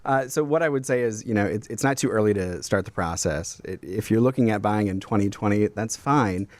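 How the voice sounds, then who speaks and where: A man's voice: lowish voice, fairly quick, no echo. Chatty man in a dry studio. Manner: storytelling, quotes clients. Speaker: real estate broker. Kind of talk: casual radio talk.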